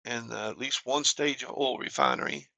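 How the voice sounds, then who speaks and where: A man narrates his game session in a laid-back, plain way. His voice has a gravelly edge and a bright, forward tone. The recording is close and dry, with no room sound. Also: mid-range voice, normal speed, no echo. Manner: relaxed, plain-spoken walkthrough talk. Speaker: gaming channel host. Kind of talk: casual game commentary.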